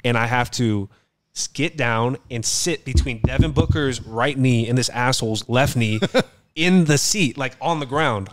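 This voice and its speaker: Young man, podcast co-host, laid-back profane anecdotes, mid-pitched voice. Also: no room sound. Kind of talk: casual chat.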